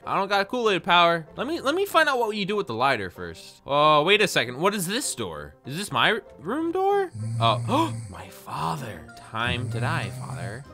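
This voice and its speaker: A man's voice: high voice, sharp tone. A young man giving playful, jokey let's-play commentary, talking to himself with sudden yelps. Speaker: gaming YouTuber.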